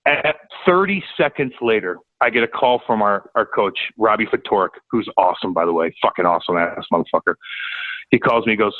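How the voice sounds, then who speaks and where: Profane, animated male storyteller. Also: mid-range voice, quick pace, dry recording, phone-quality sound. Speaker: guest. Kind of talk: casual storytelling.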